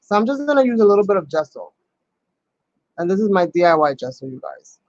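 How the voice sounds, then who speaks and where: A man hosting a casual crafting tutorial, talking his steps through out loud with plenty of ums. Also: high voice, big pitch swings, quick pace, muffled recording, a little hiss or hum. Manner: chatty, thinks aloud with many ums. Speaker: crafting channel host.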